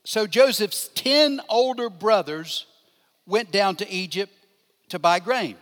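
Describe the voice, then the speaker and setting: An older man teaching a Bible lesson in a high, light voice. He talks in a conversational way, asking his listeners questions and taking up their answers. His voice rings out with a long reverb in a large church hall. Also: slow, a bit bright. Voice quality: asks the listeners questions and responds to them. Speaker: pastor teaching a Bible class.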